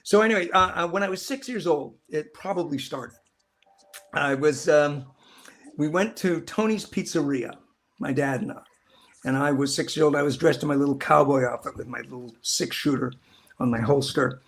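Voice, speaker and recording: Man, middle-aged, chatty interview guest, fairly high voice, rambles, acts out quotes. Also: moderate pace, fairly bright tone. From Southern California. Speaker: actor guest. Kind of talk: casual interview storytelling.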